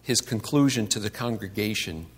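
A man's voice: fairly low pitch, animated, moderate pace, slight background noise. A man giving a conversational sermon to a congregation, asking rhetorical questions and acting out the complaints he quotes. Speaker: pastor.

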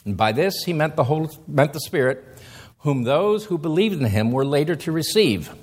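A man preaching a sermon, reading scripture slowly and then explaining it with emphatic rises in his voice. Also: a little high, expressive.

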